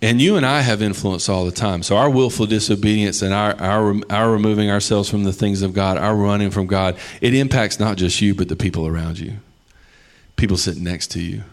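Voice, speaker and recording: A man's voice: fairly low pitch, fairly quick. A man preaching a sermon in a casual, conversational way, acting out the people in the stories he tells. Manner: conversational, animated storytelling with acted-out quotes. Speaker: pastor.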